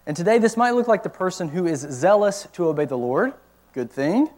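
A man with a slightly high voice delivers a teaching sermon to young adults. He asks the audience one rhetorical question after another, then explains each point patiently. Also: big pitch swings, fairly quick, a little mellow. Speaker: college ministry teacher.

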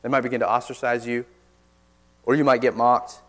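A man preaching a sermon in church, earnest, pressing hard on key words and then dropping suddenly quiet. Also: mid-range voice, little pitch movement, fairly quick. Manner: earnest, forceful emphasis with sudden quiet drops.

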